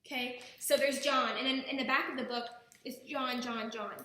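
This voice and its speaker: A young woman with a high, bright voice speaks earnestly to her viewers, tripping over herself and restarting sentences as she goes. She sounds like she's talking at home, in a very echoey room. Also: fairly even intonation, normal speed. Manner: earnest, talkative, many restarts. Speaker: vlogger. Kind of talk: casual personal vlog. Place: indoors at home.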